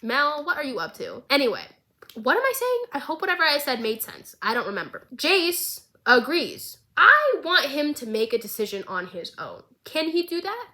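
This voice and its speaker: A young woman vlogger recapping a show in a casual, excitable, rambling way, swearing freely. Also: high voice, moderate pace, low-quality recording.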